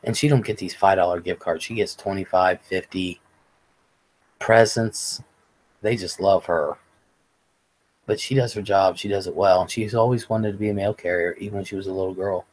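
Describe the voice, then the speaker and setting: Guy with a low raspy voice doing a chill livestream, rambling, cussing, chatting w viewers. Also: steady tone, normal speed, darkish tone, rough recording. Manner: rambling, profane storytelling. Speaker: livestream host. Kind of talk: casual livestream chat.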